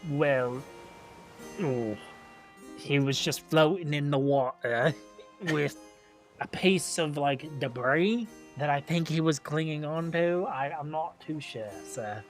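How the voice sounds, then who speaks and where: A man's voice: on the high side, faint music behind. A man voicing a bearded former soldier turned clumsy fisherman, who speaks humbly and rambles. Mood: unsure. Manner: humble, rambling, slow-spoken.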